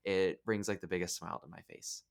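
A man hosting a podcast, gushing warmly over his guest with many fillers and restarts. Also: low-pitched, fairly even intonation, brisk, creaky. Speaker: podcast host. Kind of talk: casual podcast chat.

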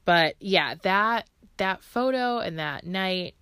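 A woman's voice: medium pitch, animated, slow pace, a bit bright, smooth, no echo. A woman in her thirties hosting a personal podcast, talking in a heartfelt, emotional way and laughing now and then. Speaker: podcast host.

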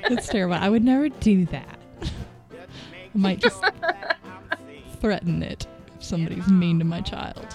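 A woman in her thirties co-hosting a casual chat, relaxed and rambling, laughing often. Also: mid-range voice, slow pace, pauses often, faint music behind. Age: 30s. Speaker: podcast co-host.

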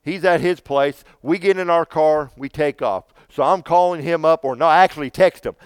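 A man's voice: a little high, moderate pace, smooth, no echo. A man casually telling a long personal story, rambling and repeating himself with frequent restarts.

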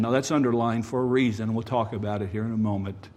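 A male preacher giving a sermon, swinging between loud emphasis and quiet asides and speaking directly to the congregation. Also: lowish voice, fairly even intonation, fast, few pauses.

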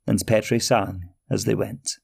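A man hosting a storytelling podcast, reading a fairy tale in steady, expressive narration. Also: fairly low pitch, measured pace, vocal fry, husky.

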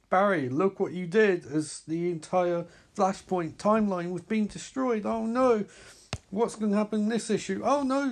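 Excitable man recapping comics. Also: high-pitched. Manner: excitable, chatty, reacts aloud with exclamations. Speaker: comic and wrestling recap host. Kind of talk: casual recap commentary.

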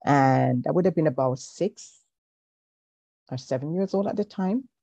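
Gravelly warm woman. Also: low-pitched, expressive, dry recording. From Jamaica. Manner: hesitant, pauses with um, faith-filled. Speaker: podcast guest, counselor. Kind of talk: reflective personal storytelling. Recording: dull, lo-fi recording.

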